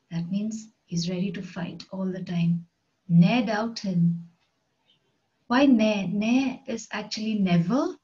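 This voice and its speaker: Slow, careful woman teaching English. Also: mid-range voice, darkish tone, lo-fi sound. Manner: reads verse lines then explains words simply. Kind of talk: slow explanatory poetry lesson.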